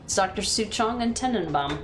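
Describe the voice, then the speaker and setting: A woman's voice: medium pitch, animated, a little fast, noisy background. A woman streamer in casual gaming commentary, chatty and laughing at what she sees. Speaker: game streamer.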